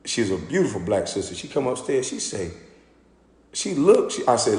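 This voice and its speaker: A former pro basketball player telling a story in an animated, profane, indignant rant. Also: male voice, mid-range voice, normal speed. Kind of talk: ranting storytelling monologue. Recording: echoey room with long reverb.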